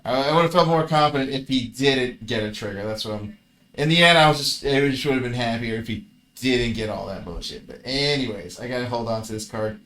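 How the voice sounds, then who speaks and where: A man's voice: medium pitch, brisk, fairly bright tone. A man casually commentating his own card game match, grumbling and swearing at his bad luck.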